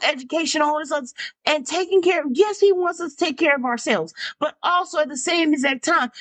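A woman preaches in a high, bright voice. She keeps repeating phrases for emphasis and asks the listeners over and over whether they understand. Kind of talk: sermon.

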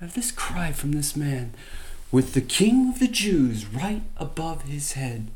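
A man's voice: fairly high pitch, very animated, measured pace, few pauses, a little mellow. A man teaching from the Bible by retelling it as a story, with conversational asides and emphatic quoted lines.

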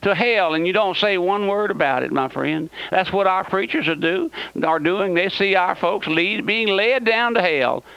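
Male radio preacher, high bright voice, impassioned and repetitive, dry dull radio sound. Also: normal speed, vocal fry, few pauses, smooth, dry recording. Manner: impassioned, repeats phrases, calls listeners "my friend". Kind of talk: fiery radio sermon.

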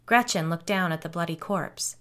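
A woman narrating a scripted horror story in a measured, suspenseful way. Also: on the low side, fairly bright tone.

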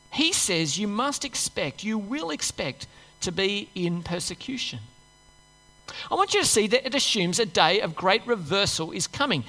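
In a church with long, hall-like reverb, a woman preaches a sermon built around Bible reading. She speaks conversationally to the congregation, posing rhetorical questions, in a mid-range voice that is pushed and bright.

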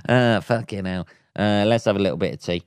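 This podcast host's rant is casual and solo, packed with curses, chuckles, and mocking put-on voices. He speaks in a lowish voice with a clean tone, in a studio-quality recording without room sound.

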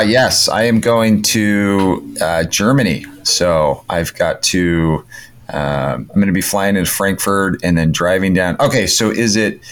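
A man's voice: low-pitched, fairly bright tone. A man co-hosting a podcast in casual chat, upbeat and rambling, with lots of fillers and restarts. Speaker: podcast co-host.

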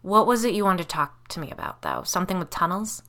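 A woman voicing a calm, sensible mentor. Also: lowish voice. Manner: measured and matter-of-fact.

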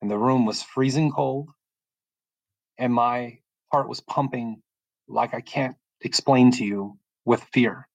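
Calm, halting middle-aged man. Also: mid-range voice, vocal fry, no echo, dull audio. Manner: halting and emotional, frequent restarts; calm, soft-spoken. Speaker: podcast guest sharing testimony. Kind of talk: personal testimony, casual storytelling.

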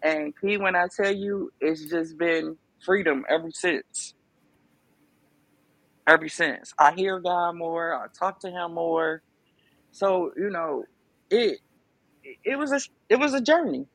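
Gravelly-voiced woman telling her story. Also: on the low side, slow pace, pauses often, fairly bright tone, no room sound. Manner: emphatic, conversational, lots of fillers. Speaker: podcast guest. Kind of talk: casual testimony.

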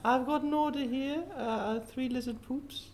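A woman's voice: sits high, a little slow, a crowd in the background. A woman co-hosting a comedy podcast, playing along breezily in an improvised sketch.

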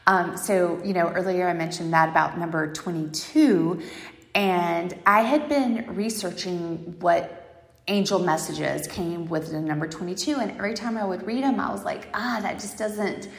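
Woman podcast host, solo heartfelt talk, low gravelly voice, dry close sound. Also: normal speed, no echo. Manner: gushing, grateful and spiritual, with many "like" fillers.

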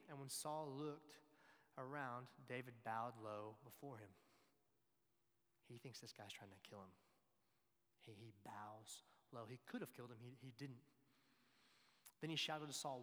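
A man's voice: mid-range voice, normal speed, pauses often, fairly bright tone, big-room sound. A man preaching a sermon, retelling a scripture story and reading its quoted lines with emphasis.

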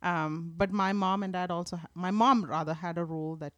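A woman's voice: on the low side, brisk, no echo, lo-fi sound. Chatty woman. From India. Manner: chatty, laughs often, self-deprecating. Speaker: interview guest. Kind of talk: casual interview chat.

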